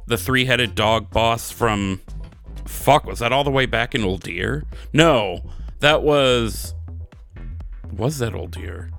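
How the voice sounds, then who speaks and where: Bright-voiced man in casual, profane chat. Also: mid-range voice, slow pace, creaky, soft background music. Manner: rambling, profane, joking recap. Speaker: podcast co-host. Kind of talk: casual gaming podcast chat.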